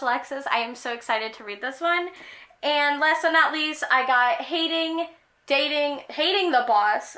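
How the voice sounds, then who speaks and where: A woman's voice: sits high, bright, forceful tone. A young woman chatting casually about her new books as a vlogger, gushing and enthusiastic, with many "like" fillers. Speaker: book vlogger. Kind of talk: casual book haul chat.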